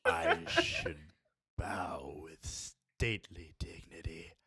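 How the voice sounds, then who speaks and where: A man's voice: wildly swooping pitch, bright, forceful tone, exaggerated voice. A man whispering as a sultry longing tree, whispered role-play. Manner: breathy, slow and deep, mock-seductive.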